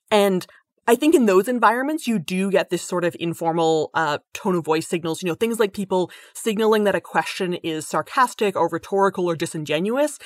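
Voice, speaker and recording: A woman talking in a casual interview as a guest, animated, acting out what others say in playful voices. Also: mid-range voice, dry recording, clean studio sound. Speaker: guest linguist.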